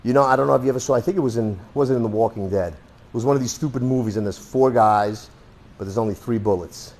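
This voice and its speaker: Blunt, profane male self-defense instructor with a mid-pitched voice, demonstrating moves to a class. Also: fast talker, darkish tone. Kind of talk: hands-on demonstration lesson.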